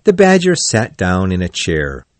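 Slow, expressive male storyteller. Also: low voice, no echo. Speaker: narrator. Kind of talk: storybook reading for learners.

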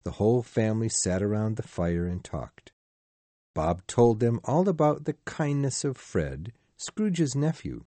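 A man narrating a storybook in a slow, measured, expressive way. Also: lowish voice, no echo. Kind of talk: storybook reading.

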